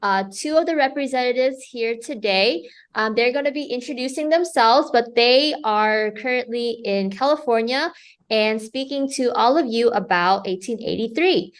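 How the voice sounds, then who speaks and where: A woman's voice: on the high side, moderate pace. A woman hosting and introducing a webinar, upbeat and welcoming, with some um and uh fillers. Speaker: webinar host.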